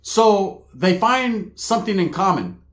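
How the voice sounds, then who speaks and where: Man, comic storyteller, crude slangy delivery, higher register. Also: very animated, a little slow. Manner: slangy, crude, laughing asides. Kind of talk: comedic storytelling. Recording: roomy echo.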